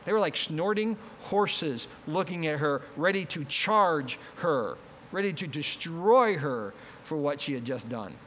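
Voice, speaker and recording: Male pastor, slightly high voice, conversational sermon delivery that acts out the quotes, long hall reverb. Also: lively intonation, measured pace, fairly bright tone, slight background noise. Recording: long reverb, faint ambience.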